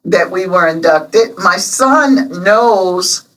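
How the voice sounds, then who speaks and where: A woman in her seventies, guest on an interview, telling stories warmly and emotionally with many pauses. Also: lowish voice, expressive, far from the mic, low-quality recording. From Illinois, USA. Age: 70s. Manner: emotional, storytelling, many ums. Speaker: interview guest, local alderman. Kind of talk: casual interview chat.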